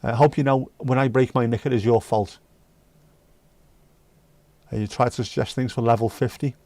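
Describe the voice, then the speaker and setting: A man chats and jokes with his live stream viewers in a loose, bantering way. His voice is mellow and relaxed, recorded close and dry. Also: medium pitch, moderate pace, no room sound. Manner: chatty, joking, banters with chat and sings snatches. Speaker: livestream host reading chat. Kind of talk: casual chat.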